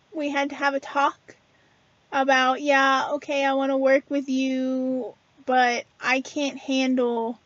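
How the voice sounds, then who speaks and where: A woman with a high, light voice talks casually and earnestly to her viewers, with plenty of ums and restarts. The sound is dry and a little dull, with no room echo. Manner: chatty and earnest, many fillers and restarts. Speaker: spiritual video host. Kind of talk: casual spiritual talk to camera.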